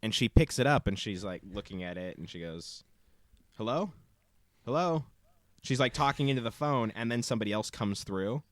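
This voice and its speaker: Man, lowish voice, rambling casual storytelling, acts out quotes, dry close sound. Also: brisk, hardly any pauses, no room sound. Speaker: podcast co-host.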